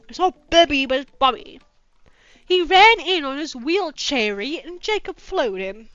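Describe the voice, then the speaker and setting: Sarcastic high-voiced woman reading fanfic. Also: very animated, moderate pace, a bit bright, no echo. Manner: sarcastic, swears freely, mocking asides. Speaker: channel host reading fanfiction. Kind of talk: reading fanfiction aloud with commentary. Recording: dull lo-fi with faint music.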